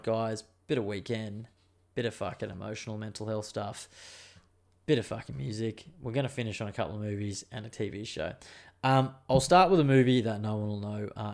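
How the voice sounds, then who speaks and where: A man hosting a podcast on his own, chatting casually in a rambling, sweary, laid-back way. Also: mid-range voice. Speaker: podcast host. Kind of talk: casual solo podcast chat.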